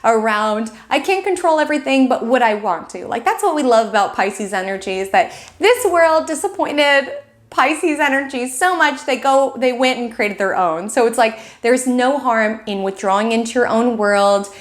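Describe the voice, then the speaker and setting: A woman's voice: on the high side, moderate pace. A woman hosting a weekly astrology forecast, talking in a chatty way full of "like" and "right?", acting out little quoted inner voices. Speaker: astrologer host.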